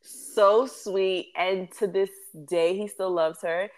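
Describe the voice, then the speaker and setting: A woman's voice: mid-range voice, steady tone, slow pace. A woman in her thirties, co-hosting a podcast in casual chat, talking in a chatty way with many fillers and laughs. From West Indies. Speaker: podcast co-host.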